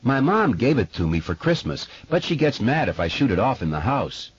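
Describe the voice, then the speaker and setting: A man's voice: medium pitch, very animated, moderate pace, breathy edge, highs cut off, voice pushed up. A man voicing a shy, earnest eleven-year-old boy who talks plainly, in an audiobook.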